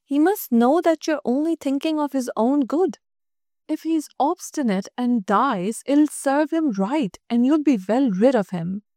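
Stern older sisters in a storybook give firm, matter-of-fact advice, as a woman voices them. The voice is high and the sound is close and dry. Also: unhurried, warm tone, dry recording.

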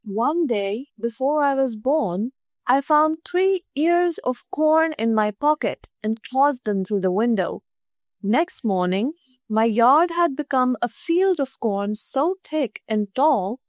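A woman's voice: high voice, no room sound. A woman voicing a boastful, smug rich young man in a storybook reading. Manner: bragging, sly. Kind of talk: storybook narration.

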